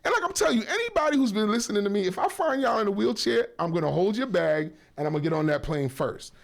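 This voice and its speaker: Gravelly, rambling male radio host. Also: high-pitched, sing-song, quick pace. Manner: rambling and joking, full of shout-outs and self-corrections. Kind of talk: casual talk radio. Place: radio studio.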